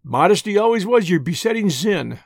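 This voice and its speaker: A wry, easygoing young man, as an audiobook reader puts him on, answering with dry, understated wit. The delivery moves lively in pitch. It is recorded close and dry. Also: moderate pace, husky, no echo. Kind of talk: audiobook reading.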